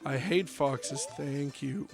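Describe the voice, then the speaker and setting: A man's voice: on the high side, slow pace, music in the background. Rambling young man streaming a game. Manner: rambling, joking, many fillers. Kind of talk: casual chat while streaming a game.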